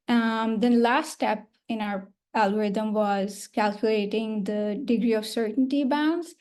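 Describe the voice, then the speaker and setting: A woman explains the steps of an analysis in a webinar presentation. Her voice is mellow and a little higher than average. She talks in an orderly, explanatory way, with an occasional filler.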